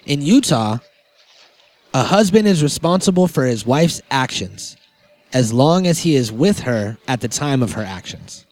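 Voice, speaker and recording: A man's voice: mid-range voice, big pitch swings, measured pace, a little mellow, no echo. A man co-hosting a casual podcast chat, joking and swearing, acting out little made-up quotes. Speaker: podcast co-host.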